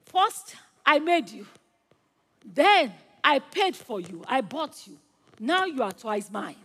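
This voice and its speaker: A woman's voice: high voice, big pitch swings, moderate pace, a bit bright. A woman voicing an eager ten-year-old boy in a spoken story, bursting with joy over his toy boat. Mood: overjoyed.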